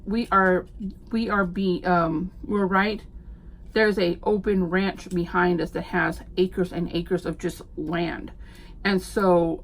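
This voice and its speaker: A middle-aged woman, a homeschooling mom telling stories in a chatty, animated vlog. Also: lowish voice, gravelly. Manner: chatty, animated storyteller with frequent fillers. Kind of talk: casual chat.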